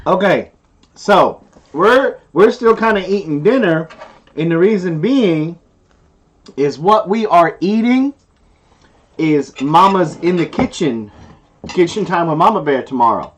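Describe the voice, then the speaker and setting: A man's voice: on the high side, animated, unhurried, pauses often. A man co-hosting a casual live stream, joking and bantering with viewers and his partner.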